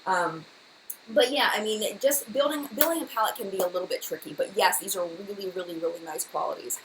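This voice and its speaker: A woman in her thirties hosting a live stream, answering viewers in a fast, rambling, chatty way with many fillers. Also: medium pitch, noisy background. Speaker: beauty channel host.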